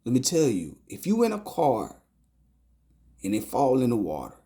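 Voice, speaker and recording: A man describes a dream in an emotional testimony, his medium-pitched voice swooping wildly. He speaks in a halting way, repeats phrases, stumbles, and now and then slips into a hushed whisper.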